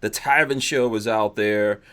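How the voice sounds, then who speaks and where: A man's voice: fairly low pitch, steady tone, measured pace, fairly bright tone. A man hosting a podcast, originally from England, chatting casually and rambling with frequent laughs. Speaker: podcast host. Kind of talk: casual chat.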